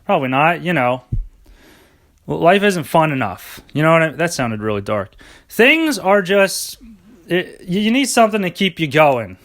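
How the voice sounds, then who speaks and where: A man's voice: on the high side, sing-song, normal speed, fairly bright tone. A young man hosting a rambling solo podcast, sarcastic and self-mocking, swearing often. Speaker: podcast host.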